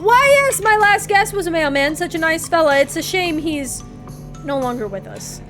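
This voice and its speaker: A woman voicing a creepy, grinning, hunched male innkeeper in a comedy western game, with a slight lisp and odd emphasis, drawling slowly and then jumping high in pitch. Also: expressive, over music. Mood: sinister. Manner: slow, sing-song with sudden high jumps.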